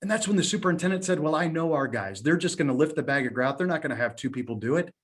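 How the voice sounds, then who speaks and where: A middle-aged man giving a sales presentation, telling a story with lively quoted dialogue. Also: on the high side, quick pace. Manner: animated storytelling, quotes others in his own voice. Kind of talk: conference talk with acted dialogue.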